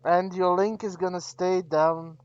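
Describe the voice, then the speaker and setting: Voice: medium pitch, steady tone, measured pace, a little mellow, clean tone, no echo, dull audio, soft background music. A streamer from Belgium, a native Dutch speaker with a Flemish accent, chatting casually and rambling as they answer their viewers. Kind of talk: casual livestream chat with viewers.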